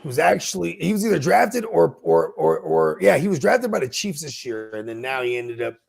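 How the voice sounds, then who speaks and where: A man co-hosting a podcast, talking in a casual, slangy, animated way and laughing often as he tells stories. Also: fairly high pitch, fairly quick, creaky. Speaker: podcast co-host. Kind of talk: casual chat.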